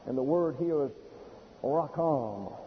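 A man preaching in a folksy, explanatory manner, his voice sitting a little higher than most. The recording is dull and lo-fi. A long reverb trails off behind him, as in a church hall. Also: a little hiss or hum. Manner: folksy, explanatory, slows for emphasis. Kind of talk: expository sermon.

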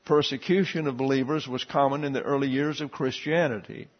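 A man's voice: mid-range voice, brisk, lo-fi sound. Man teaching Bible Greek, many fillers. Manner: explanatory, steady, with frequent "uh" fillers.

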